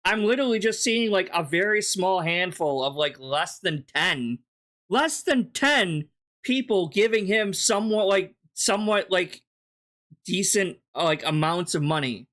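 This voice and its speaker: A man's voice: sits high, lively intonation, moderate pace, fairly bright tone. A man streaming a reaction to a video, talking casually, bluntly and mockingly, swearing often.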